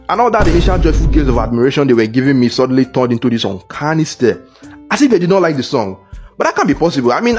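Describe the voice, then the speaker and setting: A man narrating a comedic cartoon story in first person, telling it in an animated, exaggerated, jokey way. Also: medium pitch. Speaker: narrator voicing the lead character.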